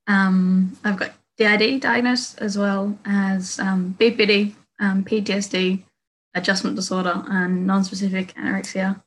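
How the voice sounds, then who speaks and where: A woman's voice: mid-range voice, flat delivery, moderate pace, low-quality recording. Hesitant woman. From Australia. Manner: hesitant, many fillers. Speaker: panelist. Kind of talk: panel introduction.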